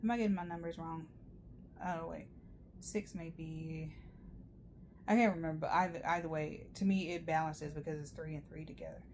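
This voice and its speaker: A woman's voice: low voice, steady tone, moderate pace, darkish tone, a little hiss or hum. A woman giving a rambling, chatty tarot reading, full of fillers and asides. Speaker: tarot reader. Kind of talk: casual tarot reading monologue.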